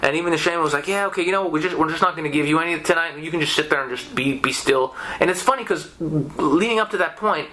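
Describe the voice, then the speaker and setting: A young man recounting a harrowing experience in a loose, swearing-heavy podcast chat. He talks quickly and stumbles through restarts. His voice is bright and forceful, pitched a little high. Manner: profane, animated, many restarts. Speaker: podcast guest. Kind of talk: casual storytelling.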